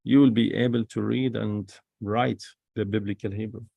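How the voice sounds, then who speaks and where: Gravelly-voiced man teaching a class. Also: on the low side, steady tone, normal speed, no room sound, highs cut off. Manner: explains step by step, often checks in with "okay?". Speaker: biblical Hebrew teacher. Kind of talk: recorded online class.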